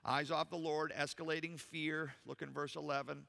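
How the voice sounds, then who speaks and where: Male pastor, high voice, bright and forceful, emphatic sermon, long church reverb. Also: level tone, normal speed, gravelly. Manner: emphatic, rhetorical questions to the congregation. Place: church sanctuary.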